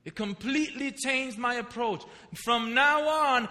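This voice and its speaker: Pastor, man, high bright voice, storytelling sermon in a reverberant hall. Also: unhurried. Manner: storytelling preacher, animated, asks the congregation questions.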